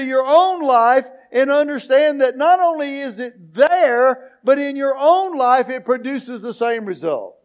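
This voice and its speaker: A man preaching a sermon as pastor, building to emphatic questions and drawn-out lines. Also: very high voice, expressive. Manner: preaching, rising to emphatic questions, slow deliberate phrasing.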